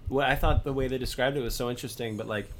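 A man's voice: mid-range voice, fairly even intonation, racing, a little hiss or hum. A man co-hosting a podcast, chiming in casually and correcting details. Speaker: podcast co-host.

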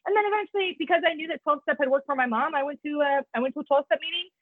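Speaking fast and high over a tinny, dry phone line, a woman guest on a podcast, an author in recovery, shares her story candidly. She's frank and profane, leaning heavily on "like" and "you know."

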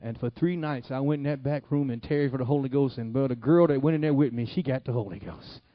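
A man from the Detroit area preaching, telling his testimony in an animated, folksy way. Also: mid-range voice, fast talker, no room sound. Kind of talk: sermon testimony storytelling. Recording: dull lo-fi, dry sound.

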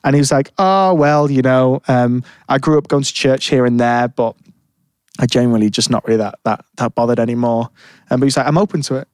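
A man's voice: medium pitch, steady tone, fast, a little mellow, dry recording. A man telling a rambling story in casual chat, full of fillers and restarts. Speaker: podcast co-host.

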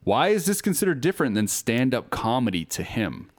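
A man's voice: medium pitch, very animated, fairly quick. A man narrating a documentary and putting questions to an interviewee.

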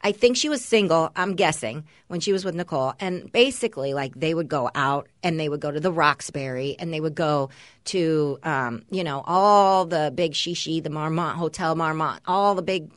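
A woman co-hosting a podcast in casual chat, animated and profane, quick to laugh. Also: deep voice, no room sound, studio quality. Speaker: podcast co-host. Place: Los Angeles.

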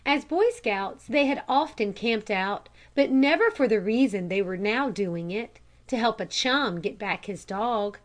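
A woman reading a children's storybook aloud in a calm, measured narration. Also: fairly high pitch. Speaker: audiobook reader.

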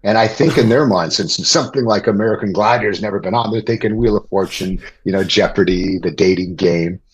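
A middle-aged man, a guest on a podcast, telling an animated story with excitement and laughter. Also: lowish voice, a little fast, breathy edge, poor audio. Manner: excited, laughing anecdote teller. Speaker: guest, former TV gladiator.

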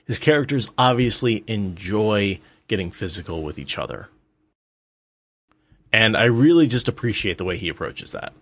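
A young adult man co-hosting a casual book discussion, telling an animated story and swearing casually. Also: fairly low pitch, moderate pace, dry recording. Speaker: podcast co-host.

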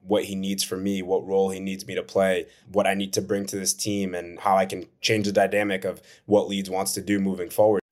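A man's voice: deep voice, monotone, fairly quick, few pauses, darkish tone. A man, a footballer answering interview questions in an earnest, reflective way. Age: 20s. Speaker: professional footballer, guest.

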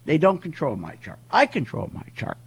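A man's voice: fairly high pitch, wildly swooping pitch, moderate pace, breathy edge. A man giving a heated, repetitive monologue as a market commentator, firing off rhetorical questions. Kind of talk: ranting monologue.

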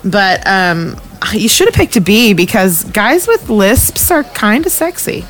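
Podcast host, woman, cheeky and crude, casual banter, soft music underneath. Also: mid-range voice, sing-song, a little slow, low-quality recording. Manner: playful, swears freely. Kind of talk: casual chat.

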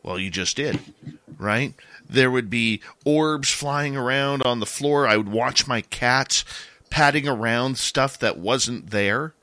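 A middle-aged man telling a ghost story in a casual, animated way, getting louder at the scary parts. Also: medium pitch, slow, no room sound.

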